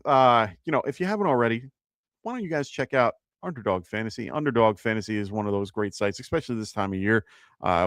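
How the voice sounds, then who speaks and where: Chatty low-voiced male sports show host. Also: no room sound, studio quality. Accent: New York. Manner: chatty, filler-heavy, frequent restarts. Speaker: fantasy football show host. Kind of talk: live casual sports advice show.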